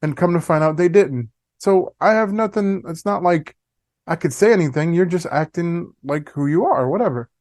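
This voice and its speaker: Male pastor co-host, lively storyteller, slightly high voice, dry sound. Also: moderate pace, no room sound. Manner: animated storyteller, acts out voices. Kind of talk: casual chat.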